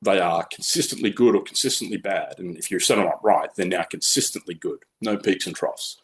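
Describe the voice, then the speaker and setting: A man's voice: sits low, fairly quick. A man presenting a webinar from slides in a blunt, opinionated, conversational way.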